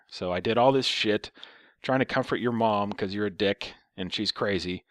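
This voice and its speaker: A man's voice: on the low side, moderate pace, fairly bright tone, dry recording, clean studio sound. A young man telling a rambling, profane, sarcastic story in casual chat. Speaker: storyteller vlogger.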